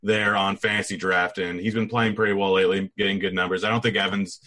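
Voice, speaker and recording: A man's voice: low-pitched, level tone, fast talker, sharp tone, slight background noise. A man co-hosting a casual sports podcast, easygoing and joking. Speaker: podcast co-host.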